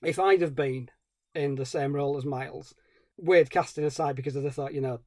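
Wry man, mellow and dry. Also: fairly high pitch, normal speed, dry recording. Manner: wry, sarcastic ranting. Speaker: podcast co-host. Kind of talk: casual film review chat.

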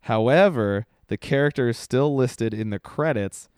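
A man co-hosting a casual podcast, sharing trivia facts in a relaxed way. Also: medium pitch, normal speed, smooth, no room sound, studio quality. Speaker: podcast co-host. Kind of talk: casual chat.

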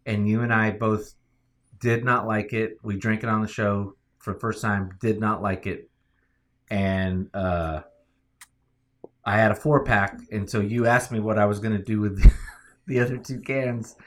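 Male podcast co-host, casual, animated storyteller who laughs through his jokes. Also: lowish voice, normal speed. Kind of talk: casual chat.

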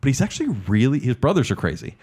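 A man's voice: mid-range voice, wildly swooping pitch, rapid-fire, darkish tone, breathy edge. A man co-hosting a casual podcast chat about movies, enthusiastic and talking in long runs. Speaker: podcast co-host.

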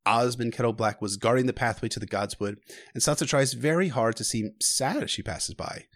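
A man's voice: mid-range voice, a little fast, a bit bright, no room sound. A man casually recapping a book, with swearing asides.

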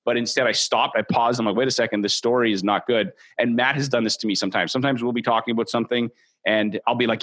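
A man in his forties, a podcast host coaching mortgage agents in an energetic, motivational way that acts out quoted thoughts. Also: medium pitch, racing. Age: 40s.

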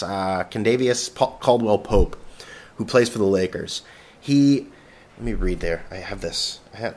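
A man's voice: lowish voice, husky. A man hosting a casual solo podcast, rambling sarcastically with plenty of swearing and jokey asides to an absent co-host. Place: vacation rental with no internet.

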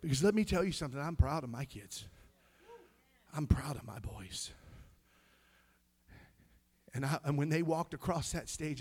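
High-voiced man preaching with fervor. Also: lively intonation, moderate pace, long pauses, slightly rough. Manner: loud, preachy call-and-response with singing and laughter. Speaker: pastor. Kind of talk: sermon.

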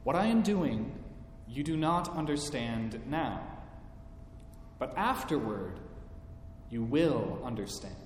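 A man voicing Jesus as a calm, authoritative teacher, speaking slowly and solemnly. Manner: slow, solemn, measured. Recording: echoey hall, faint rumble.

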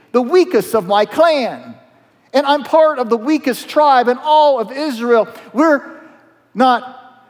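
A man's voice: mid-range voice, voice pushed down, natural voice. A man voicing a timid young farmer who answers with sarcastic disbelief, heard with long hall reverb.

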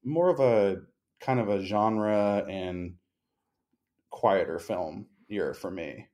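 A man's voice: on the low side, slow, a little mellow. A man co-hosting a podcast in casual chat from a hotel room, speaking in a wordy, articulate way over a remote call. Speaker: podcast co-host. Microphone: remote call recording.

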